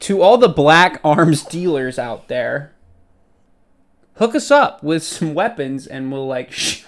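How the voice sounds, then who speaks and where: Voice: medium pitch, lively intonation, slow. A podcast co-host in casual chat, stubbornly defending a point, laughing and swearing casually.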